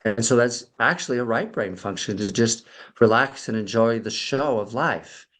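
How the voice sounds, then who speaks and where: Middle-aged male coach as podcast guest, mid-pitched, explains patiently with lots of ums and restarts. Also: normal speed, a bit bright. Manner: explanatory, many fillers and restarts. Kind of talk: conversational explanation.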